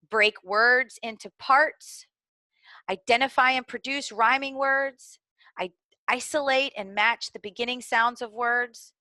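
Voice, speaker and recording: This middle-aged Southern American woman's fairly high voice sounds pushed and bright, with no echo. She earnestly walks teachers through early literacy skills, explaining as she goes with the odd filler and restart.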